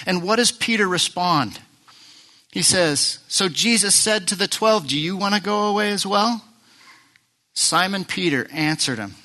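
A man preaching a sermon, animated and playful, acting out the voices of the Bible figures he retells. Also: high voice. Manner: animated, acts out Bible voices, jokes with the crowd. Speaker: pastor.

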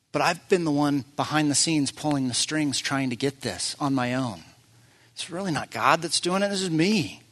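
A man preaching a sermon to his church as its pastor, earnest and emphatic, rising to loud peaks and dropping to quiet, prayerful moments. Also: on the high side, moderate pace.

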